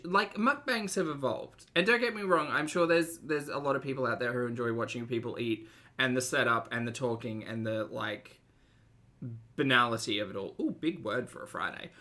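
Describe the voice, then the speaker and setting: Chatty, sarcastic man with a lively voice. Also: fairly high pitch. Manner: chatty and sarcastic, laughs often. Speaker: commentary channel host. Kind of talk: casual reaction commentary.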